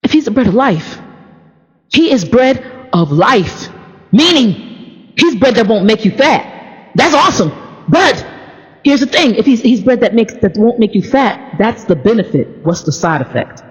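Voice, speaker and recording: A woman's voice: on the high side, very animated, normal speed, slightly rough. A woman giving a casual spoken Bible reflection, earnest and conversational, restarting sentences and often tagging on questions to her listeners. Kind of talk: casual spoken devotional monologue. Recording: echoey room, dull lo-fi sound.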